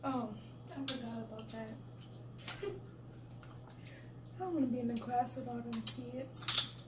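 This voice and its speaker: A woman, the host's daughter, chatting playfully and firing back quick retorts at the table. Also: a little high, very noisy. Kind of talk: casual chat at the table. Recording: echoey room, off-mic.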